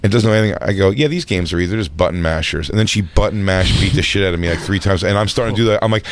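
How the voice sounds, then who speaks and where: A man's voice: sits low, very fast. A man co-hosting a podcast in casual chat, rambling through anecdotes with fillers and swearing. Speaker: podcast co-host.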